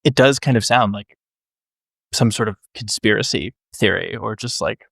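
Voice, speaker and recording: Relaxed, rambling podcast host man. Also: on the low side, normal speed, gravelly, breathy edge, no echo, studio quality. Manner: relaxed, rambling, repeats words while thinking. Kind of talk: casual interview chat.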